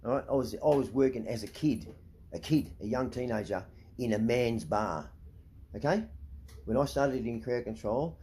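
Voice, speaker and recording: A man's voice: mid-range voice, lively intonation, moderate pace, dark tone. A middle-aged Australian man ranting to camera, blunt and profane, repeatedly asking "right?" as he talks. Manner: heated, indignant. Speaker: vlogger.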